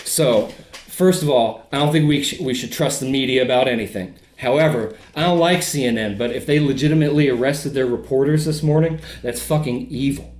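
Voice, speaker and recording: A man's voice: medium pitch, fairly quick, a little mellow, echoey room. A man talking as a podcast guest in casual conversation, heated, emphatic and profane.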